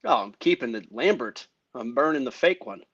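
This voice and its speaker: A man's voice: mid-range voice, expressive, moderate pace, a bit bright, slightly rough, dry recording, muffled recording. A man who is a guest on a sports talk show, bantering with jokes and passion about football.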